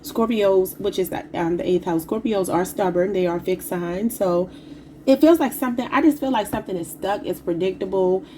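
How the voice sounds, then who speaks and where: A woman's voice: mid-range voice, moderate pace, mellow, slight background noise, rough recording. A woman giving a casual tarot reading, talking informally to her viewers and calling them y'all. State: slightly sick and emotional. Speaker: tarot reader.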